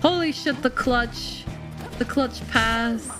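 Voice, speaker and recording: Woman streamer, excitable casual commentary, reads game text aloud, game music behind. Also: fairly high pitch, slow. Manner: excitable, laughs often, reads dialogue aloud.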